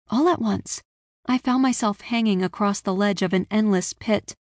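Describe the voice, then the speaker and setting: A woman narrating a first-person story in a dramatic, expressive reading, close to the mic. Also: medium pitch, dry recording. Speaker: audiobook narrator.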